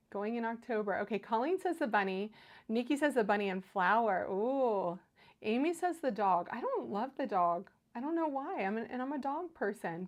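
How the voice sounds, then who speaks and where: A woman's voice: fairly high pitch, lively intonation, normal speed, a little mellow. A woman hosting a casual craft livestream, chatty and enthusiastic as she reads viewer comments aloud.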